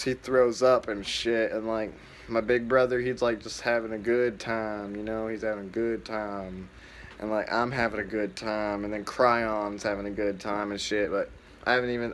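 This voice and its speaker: A man's voice: on the low side, a little hiss or hum. A young man vlogging and telling a rambling, profane, laid-back story full of fillers.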